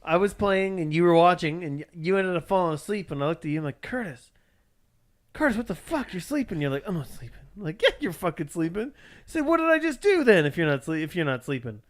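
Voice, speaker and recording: A man's voice: fairly high pitch, animated, fast. A man in a casual podcast chat who stammers into his stories and laughs often.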